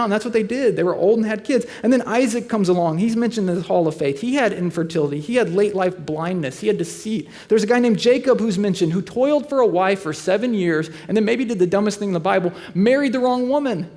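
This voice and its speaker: A man in his thirties preaching a sermon, telling stories with dry humor and slowing to a quiet delivery on serious points. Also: high voice. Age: 30s. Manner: conversational storytelling with dry humor. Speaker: pastor.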